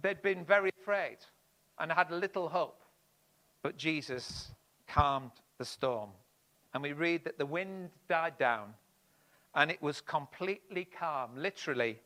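A man preaching a sermon, expressive, swinging between loud emphasis and hushed lines. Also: on the high side, a little slow.

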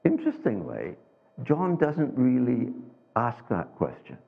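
A man delivers a sermon in a chatty, halting way, restarting often and tossing in rhetorical questions and tags. His voice sits at a medium pitch with huge swings and vocal fry. The recording sounds tinny, like a phone.

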